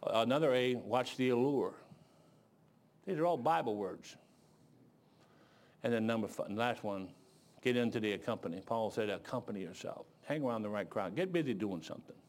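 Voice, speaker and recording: A man's voice: moderate pace, pauses often, slight background noise. Folksy male pastor preaching. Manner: folksy storytelling, shifts between low asides and loud exclaiming. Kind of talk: sermon.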